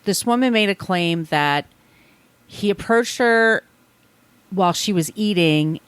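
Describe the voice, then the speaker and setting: A woman co-hosting a casual podcast, chatting and reading a statement aloud, with profane asides and quick apologies. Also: mid-range voice, fairly bright tone, clear, resonant tone, no echo. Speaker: podcast co-host.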